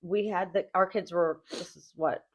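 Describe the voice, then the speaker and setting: Casual female co-host, middle-aged, animated storyteller, plays out the voices. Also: fairly low pitch, moderate pace, husky. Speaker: podcast co-host.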